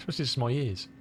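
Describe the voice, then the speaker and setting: A man's voice: mid-range voice, a bit bright, a little hiss or hum. A middle-aged man from England with a cold, chatting casually with his live-stream viewers and rambling as he answers their comments. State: has a cold. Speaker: flight sim streamer.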